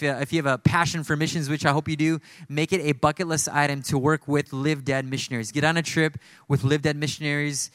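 A man's voice: fairly high pitch, fairly bright tone, no echo. A male pastor preaching a sermon in a conversational, storytelling way, full of asides.

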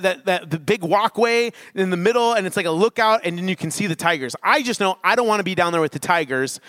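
A male pastor delivers his sermon in church with animated, energetic storytelling. His voice sits slightly high. The sound is dry and close, with no echo.

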